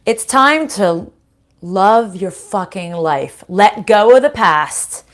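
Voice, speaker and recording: A woman's voice: mid-range voice, animated, slow pace. A woman from the United States giving a casual tarot card reading. She talks bluntly, swears freely and laughs often. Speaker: tarot reader. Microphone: desk microphone.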